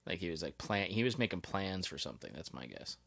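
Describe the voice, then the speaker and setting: Gravelly man reacting bluntly. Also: low-pitched, expressive, fast, a bit bright. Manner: blunt reactions, swears freely. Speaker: podcast co-host. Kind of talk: casual chat.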